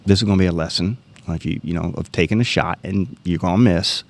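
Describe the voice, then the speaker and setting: Deep gravelly man telling a story. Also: fast. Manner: animated storyteller, acts out quoted dialogue. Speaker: guest telling a hunting story. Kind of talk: casual storytelling.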